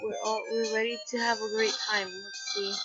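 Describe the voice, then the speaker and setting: A woman hosting her gaming videos, giving casual, hushed commentary at home at night and giggling often. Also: medium pitch, level tone, moderate pace. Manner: soft-spoken, giggly, hushed so as not to be loud at night. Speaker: gaming channel host. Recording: muffled lo-fi with faint game music.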